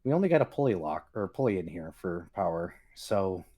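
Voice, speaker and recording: A man running a tabletop role-playing game on a stream, describing scenes in a relaxed way with some fillers. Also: low-pitched, brisk. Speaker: game master.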